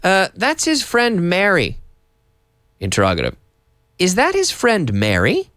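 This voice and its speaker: Middle-aged male English teacher from Canada, slightly high voice, very animated delivery, dry booth sound. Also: measured pace, dry recording. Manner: animated, acts out example sentences with big question intonation. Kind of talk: English lesson for Spanish speakers.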